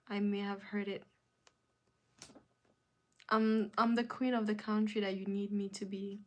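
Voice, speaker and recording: A woman's voice: medium pitch, level tone, measured pace, pauses often. A woman hosting a live stream in casual chat, answering viewer comments with emphatic, repeated phrases.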